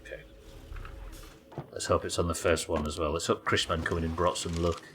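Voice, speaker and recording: This livestream host has a low, fairly flat voice and a brisk pace, with background noise behind him. He plays a game live, chatting with viewers and swearing freely as he goes.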